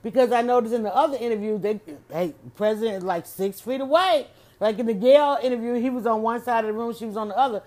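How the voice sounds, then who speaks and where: A woman chatting casually on her own, animated and exclamatory, often restarting her sentences. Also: on the high side, fast talker, hardly any pauses. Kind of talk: casual solo chat.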